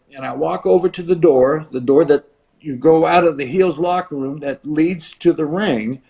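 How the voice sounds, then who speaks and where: Man, 70s, from the US, retired wrestler, interview guest, animated storytelling, slightly high voice. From United States. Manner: animated, acts out quoted voices and crowd noise. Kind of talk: storytelling anecdote.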